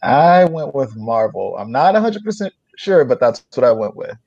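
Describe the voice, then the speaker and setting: Gravelly, raspy man on a dull line. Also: medium pitch, sing-song, normal speed, darkish tone. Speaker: regular player. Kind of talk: casual game-show banter.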